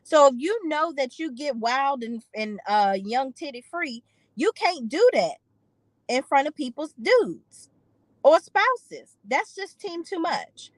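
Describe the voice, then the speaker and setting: A woman's voice: high-pitched, sing-song, takes it slowly, dry recording, low-quality recording. A woman giving an opinionated, sassy recap of a reality TV episode, slipping into voices for the people she quotes. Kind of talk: casual recap commentary.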